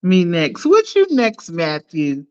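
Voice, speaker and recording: Woman, unhurried livestream chat, playful, laughs a lot, dull lo-fi phone audio. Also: on the low side, wildly swooping pitch, dark tone. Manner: playful, laughs often, hypes up viewers. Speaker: livestream host. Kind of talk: casual livestream chat with viewers.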